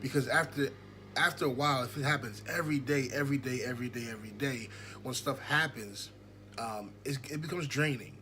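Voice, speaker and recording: A man's voice: mid-range voice, fairly quick, bright, forceful tone, a little hiss or hum. A young man co-hosting a podcast, talking casually and rambling with many fillers. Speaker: podcast co-host. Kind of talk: casual chat.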